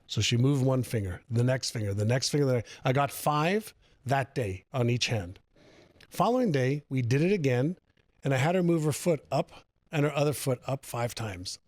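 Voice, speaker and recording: A man's voice: on the high side, no echo. Dry-voiced man telling a story. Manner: animated storyteller, repeats phrases for emphasis. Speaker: guest author on personal growth. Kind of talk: conversational interview storytelling.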